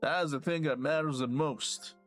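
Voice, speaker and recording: A man's voice: a little high, fairly even intonation, normal speed, soft background music. A man streaming a game and ranting casually, rambling and swearing as he goes. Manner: rambling, profane, laughs to himself. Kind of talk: casual rambling rant while gaming.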